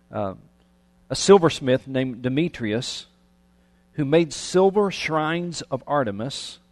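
A man preaching a sermon, reading scripture aloud and breaking off into lively, conversational asides. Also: mid-range voice, in a large hall. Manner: animated, conversational preaching with restarts. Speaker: pastor.

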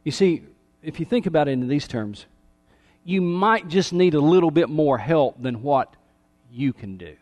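A male pastor preaching a sermon with earnest emphasis, slowing down to stress key phrases and dropping his voice low for weight. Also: animated, darkish tone. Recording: long hall reverb.

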